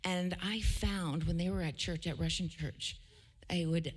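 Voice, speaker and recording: A woman's voice: fairly low pitch, steady tone, unhurried, slightly rough. A woman from Canada, a singer-songwriter, telling stories between songs in a chatty way, often restarting her sentences. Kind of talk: casual storytelling between songs.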